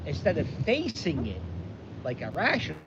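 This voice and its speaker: A man's voice: on the high side, moderate pace. A man, rambling self-deprecatingly through a vlog story outdoors. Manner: animated, self-deprecating, rambling with many restarts. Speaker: vlogger. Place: outdoors on a windy day. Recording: dull audio with wind noise.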